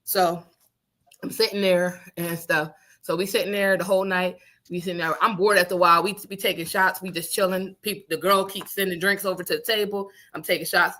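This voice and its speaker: A woman co-hosting a radio show, telling a story in casual chat, animated and swearing, laughing often and acting out what people said. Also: on the low side, brisk. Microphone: studio microphone.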